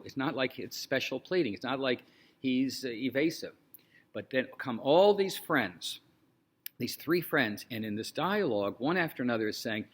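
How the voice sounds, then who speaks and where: A man, a rabbi, retells a scripture story in a loose, conversational teaching talk with plenty of fillers. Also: mid-range voice.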